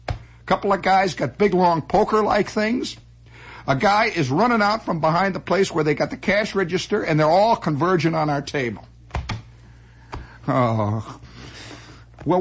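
A man spins a rambling comic monologue with wry, self-mocking asides. His voice is husky and a little higher than most men's. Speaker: storyteller.

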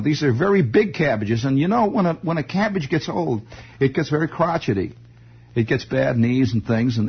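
A man spins a rambling comic story, digressing and teasing his listener. His voice is raspy and husky, with a lively, swinging pitch. The recording is dull and lo-fi.

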